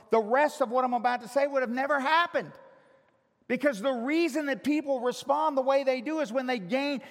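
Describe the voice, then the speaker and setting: A male pastor preaching a sermon, teasing his congregation and swinging from loud shouts to hushed, drawn-out emphasis. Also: very high voice. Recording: long reverb of a large hall.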